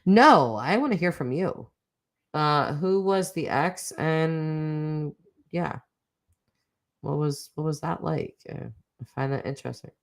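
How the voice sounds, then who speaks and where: A middle-aged woman hosting a casual livestream chat, reading viewer comments with teasing asides and frequent laughs. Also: low-pitched. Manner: chatty, teasing, laughs often, quick asides.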